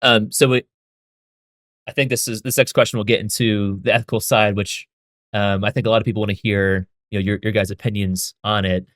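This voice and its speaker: A man's voice: lowish voice, flat delivery, a little fast, a bit bright, no echo. A man moderating a live Q&A, reading out fan questions hesitantly with many ums.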